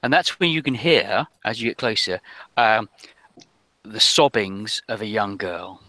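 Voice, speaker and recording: A man running a tabletop role-playing game, narrating in a halting, meandering way. His voice is low but bright and forceful, and the recording is dry and close. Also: no room sound. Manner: meandering, hesitant with many ums and restarts. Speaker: game master.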